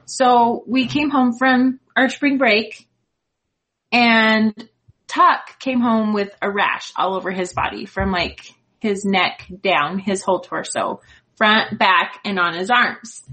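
A woman's voice: medium pitch, slow pace, pushed and bright, low-quality recording. A woman in her thirties, a mother chatting casually and telling a story, acting out the lines of her son. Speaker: mom and co-host.

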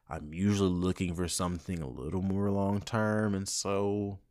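A young man hosting his own podcast, talking casually and swinging from soft, grateful reflection to loud, playful bursts. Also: low-pitched. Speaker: podcast host. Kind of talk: casual solo podcast monologue.

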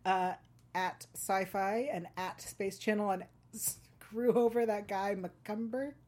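A woman's voice: mid-range voice, fairly even intonation, slow, darkish tone. A woman hosting a fan podcast, chatty and laughing often, with many ums. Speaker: podcast host. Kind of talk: casual chat and read ad.

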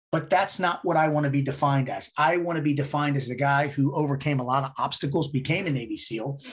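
A middle-aged man from the United States, a podcast guest, telling his story in a blunt, profane, animated way. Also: fairly high pitch. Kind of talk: casual storytelling interview.

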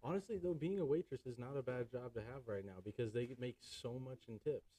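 A male podcast guest who talks quickly and fills his sentences with "like" and "you know." His voice is mellow and dark, and he sits a little back from the mic in a dry room. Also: mid-range voice, husky, no echo, far from the mic, poor audio. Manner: chatty, heavy use of "like" and "you know". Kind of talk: casual chat.

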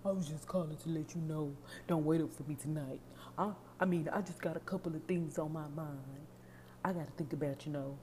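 A shifty boyfriend stalls on a phone call, hesitant and mumbling through his excuses, as a woman puts him on. The voice sits a little low and sounds mellow. It is an everyday speaking voice with no heavy acting. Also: fairly even intonation, brisk, slight background noise, lightly acted. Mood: evasive.

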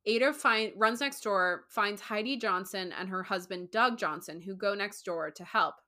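A woman hosting a casual true crime podcast, telling the case in an animated way, with frequent swearing. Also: mid-range voice, normal speed. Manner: animated, swearing, mimics people in quotes.

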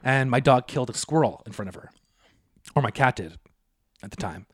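A man's voice: mid-range voice, animated, fairly quick, husky, dry recording, clean studio sound. Profane rambling guy telling stories. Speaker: podcast co-host. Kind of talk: casual chat.

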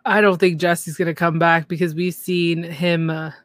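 A podcast co-host runs through a reality TV episode in a loose, gossipy way, chatty and quick to mimic people. The recording is dry and close, with no room sound. The voice sits at an ordinary middle pitch. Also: dry recording. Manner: chatty, lively, mimics cast members mockingly. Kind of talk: casual reality TV recap.

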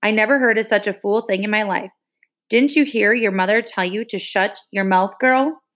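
A woman's voice: mid-range voice, normal speed, fairly bright tone, close to an everyday voice. A woman reading aloud, voicing an angry country father in a roaring, scolding manner.

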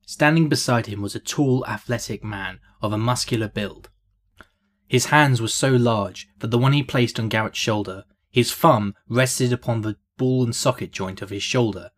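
A man reading a fantasy story aloud in a steady, descriptive storytelling style. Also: on the low side. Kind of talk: scripted narration of a fantasy story.

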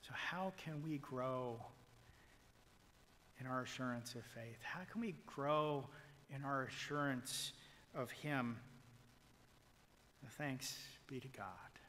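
Bright-voiced preacher, booming to whispering. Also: male voice, takes it slowly, pauses often, big-room sound, a little hiss or hum. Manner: dramatic swings from loud proclamation to hushed whispers; quotes figures in a retold story. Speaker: pastor. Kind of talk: sermon.

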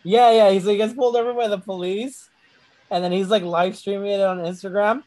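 High-voiced young man telling rambling stories. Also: fairly even intonation, brisk, a little mellow, poor audio. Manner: rambling, profane storytelling with frequent laughter. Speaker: podcast co-host. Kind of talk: casual chat.

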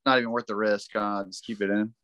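A man's voice: lowish voice, little pitch movement, quick pace, a bit bright, no room sound. A man co-hosting a crude podcast, mostly reacting with short remarks and questions that egg the other host on. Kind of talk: crude casual chat.

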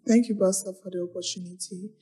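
A woman's voice: medium pitch, steady tone, fast talker, warm tone, husky, faint music behind. A woman from the congregation politely asking the pastor a question.

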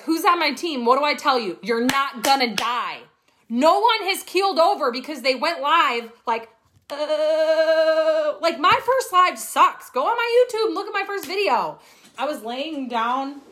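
A woman's voice: sits high, a bit bright. Fired-up, blunt woman coaching live. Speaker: team leader coaching her team. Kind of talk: livestream pep talk.

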